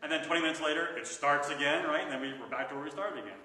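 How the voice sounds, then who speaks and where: Fast, bright-voiced priest in an echoey hall. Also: male voice, a little high. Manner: animated, conversational, with acted asides. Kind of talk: adult education talk. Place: church hall. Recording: echoey room from far off.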